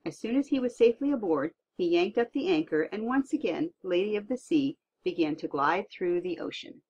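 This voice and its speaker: A woman reading a tall tale aloud in an expressive storytelling manner. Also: on the low side, brisk, slight background noise. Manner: lively expressive read-aloud. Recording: dull lo-fi recording.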